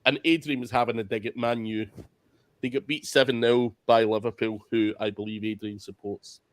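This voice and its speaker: A man's voice: mid-range voice, fairly even intonation, normal speed. Dry-spoken British man hosting a podcast. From United Kingdom. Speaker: podcast host. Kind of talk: casual chat.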